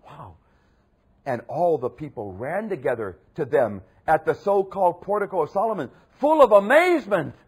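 A husky-voiced man preaching with a lively, swooping pitch. He leans hard into emphatic lines, then drops to a low murmur. His delivery feels like an impassioned sermon. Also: normal speed. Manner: emphatic, swinging between loud outbursts and low murmurs.

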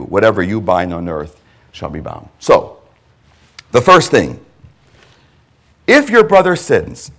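A male pastor preaching a sermon, emphatic, with repeated phrases and swings between loud and hushed delivery. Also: a little high.

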